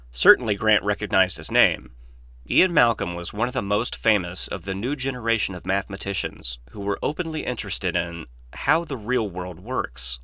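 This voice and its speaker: A man narrating a novel aloud in a steady, measured way. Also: lowish voice, no room sound. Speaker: audiobook narrator.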